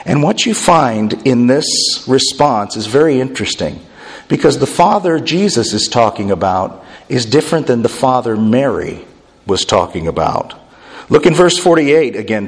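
A male pastor preaching a sermon, animated and full of rhetorical questions. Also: medium pitch. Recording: long hall reverb.

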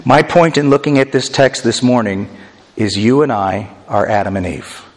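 A middle-aged man preaching a sermon as a pastor, earnest and self-deprecating, slowing down to stress key words. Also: medium pitch. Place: church sanctuary. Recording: long hall reverb.

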